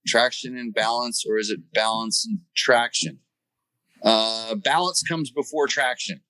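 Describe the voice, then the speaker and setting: A man's voice: medium pitch, fairly even intonation, measured pace, sharp tone, no echo, low-quality recording. A man hosting a riding-tips show by phone from the roadside, answering viewer questions with a joking, coaching manner. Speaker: host and riding coach calling in. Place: by the side of a road. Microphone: phone call-in.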